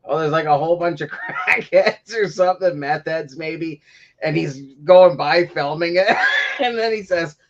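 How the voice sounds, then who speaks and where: A man's voice: on the high side, normal speed, slight background noise. A man hosting a casual chat show, telling rambling stories and breaking into laughter often. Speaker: podcast host. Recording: dull lo-fi livestream audio.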